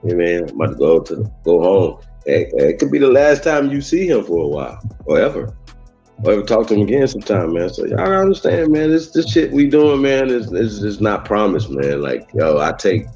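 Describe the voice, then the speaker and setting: A man with a low, gravelly voice holds forth on a livestream. He talks bluntly and heatedly, rambling from one point to the next. The audio sounds dull and lo-fi. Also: very animated, brisk, darkish tone, faint music behind. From Mississippi. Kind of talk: casual livestream talk.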